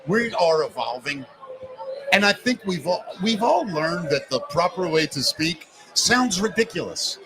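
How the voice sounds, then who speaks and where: A middle-aged man hosting a casual talk show, an animated storyteller who cusses freely and acts out the people he quotes. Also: sits high, unhurried. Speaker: podcast host. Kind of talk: casual chat. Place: live broadcast at a bar. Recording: noisy bar with crowd.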